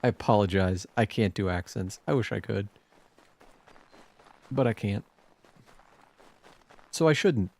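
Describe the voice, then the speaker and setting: A male game streamer chatting casually over his gameplay, playful and self-deprecating. He talks slowly, with a lively, animated pitch. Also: gravelly.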